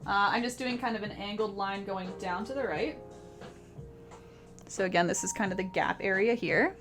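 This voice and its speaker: A woman's voice: mid-range voice, normal speed, music in the background. A woman teaching painting on a live stream, chatty and laughing often as she answers her chat.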